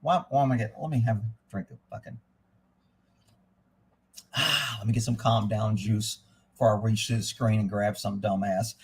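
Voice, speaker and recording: A man hosting a live stream, ranting angrily with constant swearing, dropping to a mutter and then rising to shouts. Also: fairly low pitch, steady tone, normal speed, long pauses, slightly rough.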